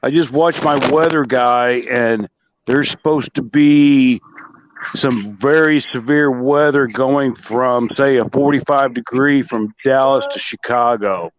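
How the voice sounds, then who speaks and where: A man's voice: medium pitch, slow, dry recording, highs cut off. A laid-back man calling in to a casual talk show, drawling as he chats. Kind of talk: casual chat.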